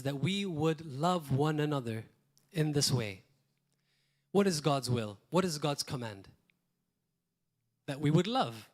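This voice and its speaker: A man from Malta preaches with earnest conviction, his voice sitting fairly high for a man. He swings between loud, emphatic lines and hushed asides, often pausing to ask his listeners a rhetorical question. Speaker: pastor. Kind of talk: sermon. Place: church.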